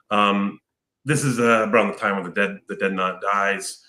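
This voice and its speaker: A man's voice: lowish voice, steady tone, a little slow, sharp tone. A man hosting a podcast, casually recapping a film plot in a rambling, profane way, full of fillers. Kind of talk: casual chat. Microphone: picked up from afar by another mic. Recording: roomy, off-mic sound from an unplugged mic.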